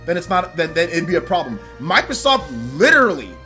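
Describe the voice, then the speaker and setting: A man hosts a casual gaming livestream with loose, chatty talk full of fillers. His voice is bright, and soft music plays behind him. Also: sits high, fast, few pauses. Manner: relaxed, chatty, many fillers. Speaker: livestream host. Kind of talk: casual livestream chat reading donations.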